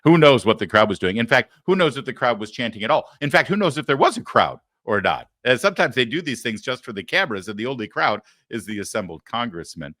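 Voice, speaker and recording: A middle-aged man hosts a talk show and mocks what he plays with sarcastic commentary. His voice sits at an ordinary pitch and sounds dry and close to the mic. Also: big pitch swings, quick pace, few pauses, a bit bright, dry recording. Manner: sarcastic, mocking. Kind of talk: political commentary.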